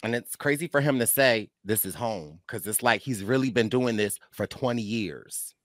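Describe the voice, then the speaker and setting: A man hosting a casual recap chat, animated and often laughing as he acts out quotes. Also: medium pitch, moderate pace, dry recording, clean studio sound. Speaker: host.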